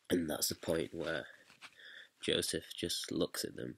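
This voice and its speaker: Brief: very low, heavily gravelly male voice, husky edge, hesitant and rambling, dry close sound. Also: slow, a bit bright, a little hiss or hum. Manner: rambling and hesitant, heavy with fillers. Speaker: student director. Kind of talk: casual explanation of directing a stage scene.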